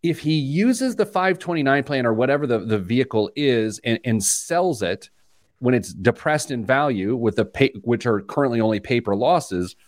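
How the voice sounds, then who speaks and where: Male podcast host from Indiana, jokey and rambling, mid-pitched. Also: lively intonation, normal speed. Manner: jokey, rambling, laughs at own stories. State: wired on caffeine. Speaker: podcast host, financial planner. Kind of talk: casual banter on a money show.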